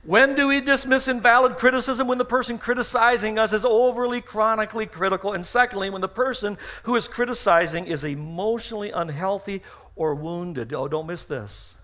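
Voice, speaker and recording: A middle-aged male pastor preaches a sermon in his church sanctuary through a stage microphone. His voice sits high for a man, with a bright, ringing edge. He acts out the dialogue in his stories and hammers home key phrases by repeating them. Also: a little fast. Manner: storytelling with acted-out dialogue.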